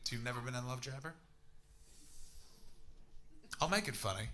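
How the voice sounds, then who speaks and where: A Canadian man in his thirties doing stand-up crowd work on a comedy club stage, loud and sweary, bursting into shouts. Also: mid-range voice, normal speed. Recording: audible crowd noise.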